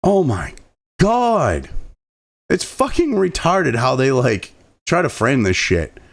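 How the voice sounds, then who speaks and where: Slow and creaky, with a mid-range voice whose pitch swoops wildly, a political commentary host from New England rages about politics. It's a profane rant, packed with constant swearing and heavy sarcasm.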